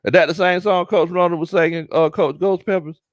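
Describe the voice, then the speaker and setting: A man's voice: sits high, fairly even intonation, fairly quick, no echo. A man with a Southern US accent hosting a casual sports livestream, reading chat comments aloud, repeating himself and laughing often. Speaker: sports talk show host reading live chat.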